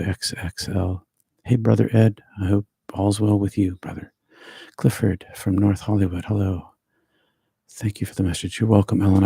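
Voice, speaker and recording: A man hosting a spiritual livestream, speaking slowly and repetitively with gentle emphasis. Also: sits low, no room sound, clean studio sound. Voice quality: gravelly, husky. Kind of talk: meditative live-stream talk.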